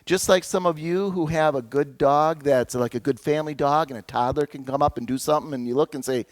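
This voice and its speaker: A man preaching a sermon as pastor, in a conversational, storytelling way with lively asides. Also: a little high, normal speed, dry recording.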